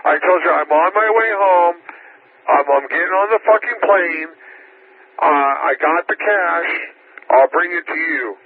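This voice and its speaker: A man with a somewhat high voice argues on the air, profane and relentless, firing the same question again and again. The sound is thin and tinny like a radio transmission. A faint hiss sits beneath him. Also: a little slow. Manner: profane, insistent, interrogating. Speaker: amateur radio operator. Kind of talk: heated on-air argument.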